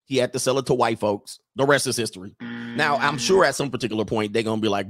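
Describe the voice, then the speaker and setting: A man's voice: medium pitch, fast, vocal fry, fairly bright tone. A man hosting a livestream in casual chat, rambling and laughing often as he reads out viewer messages.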